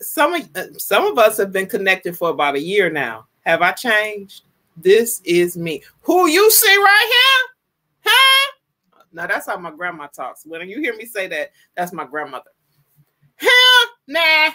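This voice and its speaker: A woman in her fifties hosting a casual live stream, greeting viewers with exuberant shouts and drawn-out, playful calls. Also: fairly low pitch. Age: 50s. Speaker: livestream host.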